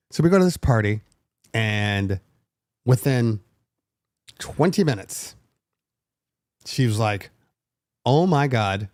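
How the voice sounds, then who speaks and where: A man's voice: fairly low pitch, no echo. Middle-aged male podcast host, dry close sound. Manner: animated, emotional retelling with many fillers. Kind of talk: casual storytelling.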